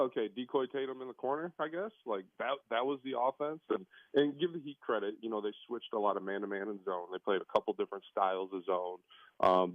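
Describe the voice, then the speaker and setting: A man, a basketball coach calling in as a guest, chatting casually and getting animated as he breaks down a game. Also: on the low side, no room sound. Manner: relaxed, chatty, animated when critiquing. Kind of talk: casual phone-in chat. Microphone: phone. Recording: tinny phone line.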